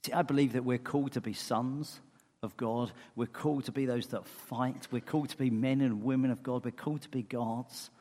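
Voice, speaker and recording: A man preaching a sermon in earnest tones, moving between loud emphasis and soft, tender asides. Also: mid-range voice, fairly even intonation, moderate pace. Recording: long hall reverb.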